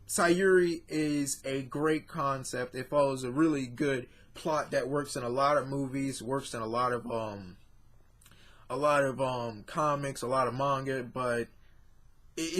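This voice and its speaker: Blunt man reviewing a manga. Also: on the high side. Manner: blunt, swears when worked up; many fillers and restarts. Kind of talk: casual review monologue.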